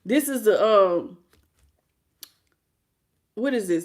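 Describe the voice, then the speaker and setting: A woman giving a live tarot reading in a blunt, slangy, animated way, greeting chat viewers as she goes. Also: a little high, moderate pace. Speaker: tarot reader.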